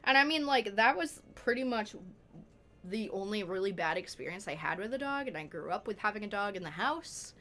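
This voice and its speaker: A woman's voice: medium pitch, expressive, fairly quick, fairly bright tone. A young woman co-hosting a game let's play, chatting casually in a crude, joking, storytelling way. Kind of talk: casual chat over gameplay.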